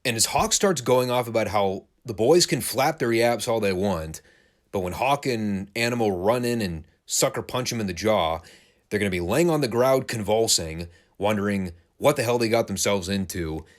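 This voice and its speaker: A man with a lowish voice talks through a wrestling review in a loose, conversational way. His delivery swings widely in pitch, and he laughs and drops casual curses as he goes. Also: normal speed. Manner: animated, laughing, casual swearing. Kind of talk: casual recap commentary.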